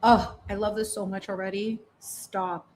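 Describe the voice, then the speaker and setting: A young adult woman chats in a loose, expressive way while she paints on a live stream. She laughs often and drags out words for emphasis, moving between warm thanks to her viewers and heartfelt talk. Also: mid-range voice, a little slow, slight background noise. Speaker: painting livestream host. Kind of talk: casual chat while painting.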